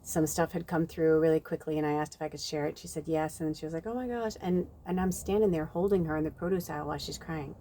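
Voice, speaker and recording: A woman's voice: low-pitched, flat delivery, fast talker, hardly any pauses, mellow, slight background noise. A woman giving a casual channeled spiritual reading, chatty and rambling with many fillers, talking outdoors at night. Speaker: tarot reader.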